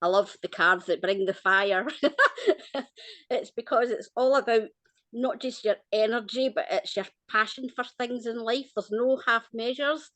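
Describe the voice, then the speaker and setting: A Scottish woman giving a gentle, reassuring psychic reading over a call, often smiling as she talks. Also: a little high, a little slow, no echo. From Scotland. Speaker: psychic reader.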